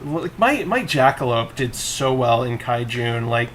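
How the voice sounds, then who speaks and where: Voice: medium pitch, big pitch swings, a little slow, a bit bright, slight background noise. A laid-back co-host chatting casually on a drawing stream, mostly agreeing and adding dry quips.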